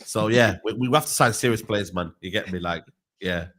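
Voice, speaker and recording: Panelist, low voice, emphatic and slangy, repeats himself. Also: male voice, normal speed, fairly bright tone. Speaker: regular panelist. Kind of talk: casual football chat.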